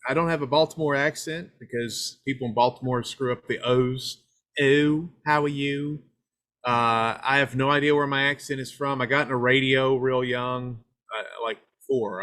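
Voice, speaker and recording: A filmmaker from Knoxville, Tennessee, guests on a podcast, chatting in a rambling, self-deprecating, joking manner. His voice is medium-pitched and a bit bright, at normal speed.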